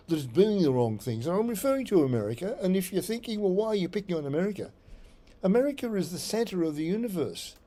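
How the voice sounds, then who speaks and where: A man's voice: on the high side, mellow. An Australian man, a psychic medium, talking through a rambling solo blog monologue and often repeating his phrases.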